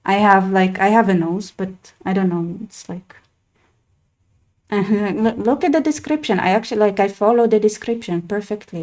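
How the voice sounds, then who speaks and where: A woman's voice: mid-range voice, normal speed, darkish tone. A young woman hosting a casual chat, talking loosely with lots of fillers and restarts. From Israel. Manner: chatty, with many "like" fillers and restarts. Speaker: host.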